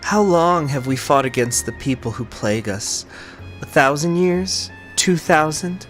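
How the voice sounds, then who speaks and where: A man reading out the journal of a zealous, paranoid male autocrat, in a slow and solemn manner. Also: fairly high pitch, animated, fairly bright tone, faint music behind. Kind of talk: reading in-game text aloud.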